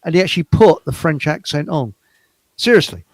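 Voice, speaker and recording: A gravelly man hosts a loose, rambling chat, cracking old jokes and laughing at them himself. His voice sits a little high and sounds close and dry. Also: animated, brisk, dry recording. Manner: chuckling, rambling joke-teller. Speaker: show host. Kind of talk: casual chat.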